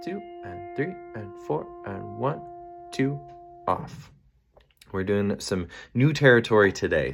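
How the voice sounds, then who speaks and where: A low-voiced man steadily counts beats and calls cues for the singers. He talks at an unhurried pace, leading a choir rehearsal. A loud piano plays underneath him. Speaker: choir director. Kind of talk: rehearsal instruction over piano. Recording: loud piano accompaniment behind the voice.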